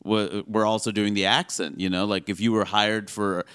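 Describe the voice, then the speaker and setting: A man in his thirties from the United States, a comedian talking fast and loosely in an interview, full of "like" and "you know". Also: on the low side, clean tone. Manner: quick, animated, self-mocking, lots of "like" and "you know". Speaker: stand-up comedian, guest. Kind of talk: casual interview talk.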